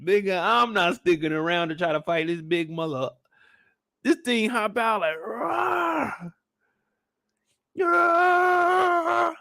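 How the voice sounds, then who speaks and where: Animated, profane young man recapping a show. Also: high voice, normal speed, dry recording, studio quality. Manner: animated, profane, joking, jumps into loud shouted bits. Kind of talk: casual live recap commentary.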